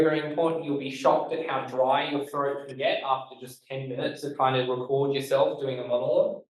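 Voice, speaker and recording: A man with an Australian accent giving a casual talk on making podcasts, talking quickly with lots of fillers and stressed words. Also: medium pitch, darkish tone. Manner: fast-talking, emphatic, loose with fillers. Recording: echoey room, voice from far off.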